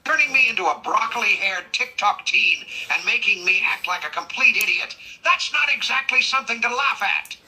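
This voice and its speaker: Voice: medium pitch, expressive, normal speed, hardly any pauses, pushed and bright, rough recording. A synthetic voice playing a proud middle-aged male cartoon detective who complains in a huffy, exasperated way. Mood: offended. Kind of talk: AI character chat role-play.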